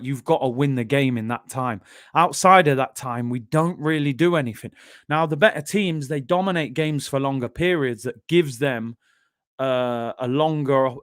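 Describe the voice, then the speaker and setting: A male football fan talks viewers through match replays in a loose, animated way, calling out to his audience as he goes. His voice sits a little high for a man. The recording is close and dry. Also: no room sound. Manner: chatty, animated, keeps addressing viewers as "people". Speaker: football channel host. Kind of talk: casual fan commentary over match replays.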